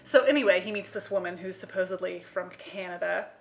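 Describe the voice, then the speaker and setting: A woman's voice: on the low side, brisk, vocal fry. An American woman co-hosting a podcast, chatting casually with lots of fillers and acting out quoted voices. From United States. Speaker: podcast co-host. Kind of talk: casual chat.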